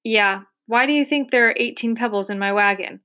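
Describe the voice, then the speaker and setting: A woman's voice: fairly high pitch, fairly quick, sharp tone. A woman voicing a playful, caring teenage girl who teases and coos in an audiobook reading. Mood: teasing. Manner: teasing, cooing.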